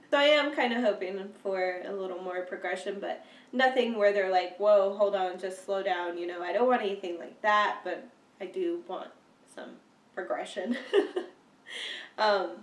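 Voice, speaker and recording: A woman's voice: medium pitch, moderate pace, far from the mic. A young woman, stuffy with a cold, chatting casually in a vlog update with lots of fillers and laughter. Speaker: vlogger. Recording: roomy sound, a bit off-mic.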